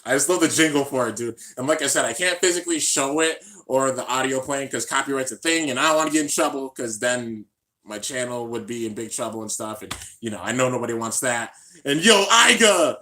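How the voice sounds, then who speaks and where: A man hosting a live reaction stream in casual, slangy chat, swinging between hyped shouts and low mumbles. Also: fast. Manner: excitable, slangy, keeps saying "dude".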